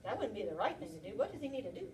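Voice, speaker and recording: A kindergarten teacher reading a picture book aloud to young children, asking them lots of animated, coaxing questions in a classroom. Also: female voice, mid-range voice, racing, distant mic, a crowd in the background.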